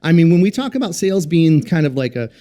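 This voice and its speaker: A company founder guests on a business podcast in a casual interview chat, explaining things earnestly and conversationally with many fillers. He speaks fast, with a fairly high, dark-toned voice that swings widely in pitch.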